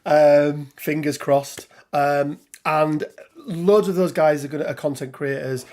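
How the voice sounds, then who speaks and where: A middle-aged Englishman hosts a casual live stream, his voice fairly high and a little mellow with fairly even intonation and a measured pace. He's chatty and rambling, reading out viewers' names to greet them.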